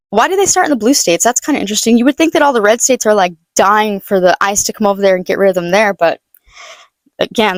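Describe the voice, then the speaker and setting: A woman's voice: a little high, dry recording. A young woman giving a blunt, sarcastic, profane political rant in a casual vlog, stumbling and restarting often. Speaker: political vlogger. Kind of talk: casual ranting monologue.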